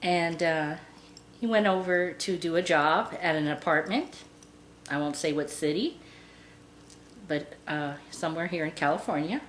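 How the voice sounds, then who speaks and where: A woman's voice: sits low, measured pace. A woman telling a long story about her pet in a casual, rambling way, with lots of "and, uh" fillers. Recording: roomy with faint background noise.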